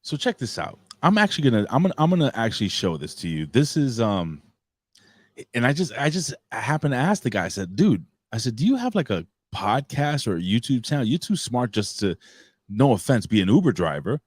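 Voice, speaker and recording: A man's voice: mid-range voice, very animated, a little fast, husky, no room sound. A man, co-hosting a casual podcast and telling a rambling, profane story. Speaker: co-host.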